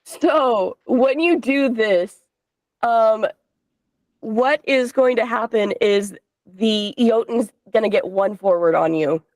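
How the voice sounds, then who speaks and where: A woman running a tabletop game as game master, describing scenes and rulings in a relaxed, filler-laden way. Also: fairly high pitch, slow pace, no room sound. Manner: relaxed, explains rules with fillers.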